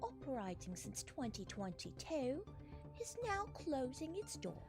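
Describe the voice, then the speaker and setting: A woman putting on a perky female news presenter with a deliberately poor, over-exaggerated British accent. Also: sits high, sing-song, a little mellow, faint music behind, voice pushed up, full character voice. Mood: newsy. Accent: put-on, poor British. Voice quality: exaggerated, deliberately mispronounced words. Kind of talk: mock news-show character bit.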